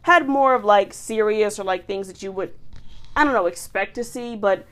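A woman's voice: medium pitch, moderate pace. A woman from New Jersey co-hosting a podcast, talking casually and telling stories with lots of fillers. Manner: chatty, animated storytelling with lots of fillers. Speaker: podcast co-host. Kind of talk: casual chat.

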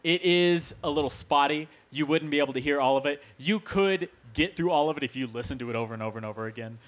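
A man hosting a casual podcast, relaxed and joking as he reads from his notes. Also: fairly high pitch, quick pace. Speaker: podcast host.

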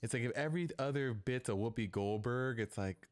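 A young man talking casually on a podcast, quick and rambling with many restarts. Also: medium pitch, clean tone. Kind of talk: casual chat.

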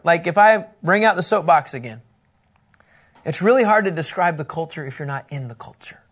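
A man with a high voice teaches a Bible lesson in a room. He is animated and joking, acts out little scenes and talks with the people there.

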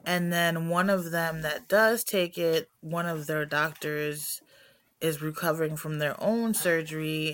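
A middle-aged woman talks through her day in a loose, rambling way, candid and reflective. Her voice sits low and warm, and she circles back on her own thoughts as she speaks from home. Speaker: podcast host. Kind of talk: casual personal talk.

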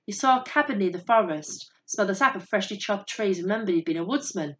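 A woman narrating a story in a steady, measured voice. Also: medium pitch, slight background noise.

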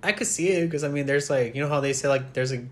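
A man's voice: on the high side, fast. A young man, a podcast co-host, telling a long rambling story in casual chat and laughing often. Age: young adult.

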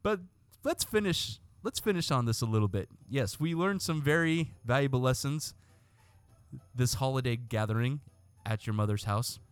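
A man hosting a casual podcast, making deadpan jokes at his co-hosts. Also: mid-range voice, normal speed, smooth, dry recording. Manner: joking, deadpan asides. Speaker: podcast host.

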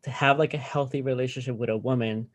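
A young man as a podcast guest, talking in an animated, sassy way and laughing a lot. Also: mid-range voice, fast. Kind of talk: casual chat.

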